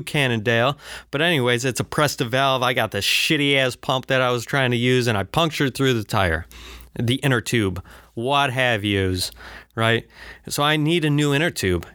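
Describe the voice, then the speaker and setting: A man's voice: medium pitch, moderate pace, pushed and bright, smooth, no room sound, studio quality. A man hosting a solo podcast from his basement, ranting with heavy swearing, rambling asides and lots of filler words. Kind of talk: profane ranting monologue. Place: home basement, alone.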